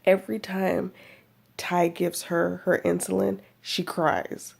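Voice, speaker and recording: A woman's voice: lowish voice, level tone, takes it slowly, gravelly, a little mellow, slightly rough. A woman giving a chatty, rambling personal video update, laughing often as she talks. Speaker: vlogger.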